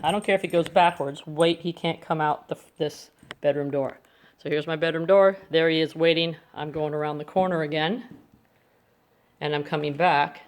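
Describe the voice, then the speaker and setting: A woman's voice: low voice, steady tone, normal speed. A woman dog trainer explaining crate training step by step at home, switching to coaxing praise for her dogs, recorded on a phone. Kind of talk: instructional demonstration. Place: home bedroom, indoors. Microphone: phone camera.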